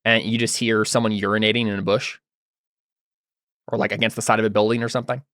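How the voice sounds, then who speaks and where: A man's voice: on the low side, flat delivery, quick pace, fairly bright tone, dry recording, clean studio sound. A man running a tabletop game as game master, narrating scenes with many fillers and restarts.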